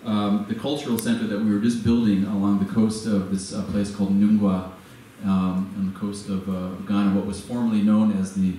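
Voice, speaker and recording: A man's voice: fairly low pitch, level tone, normal speed, hardly any pauses, dark tone. Man telling a story in an echoey hall. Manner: hesitant, many fillers and restarts. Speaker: guest speaker. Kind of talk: storytelling talk. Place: venue with a live audience. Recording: echoey hall from far off, faint noise.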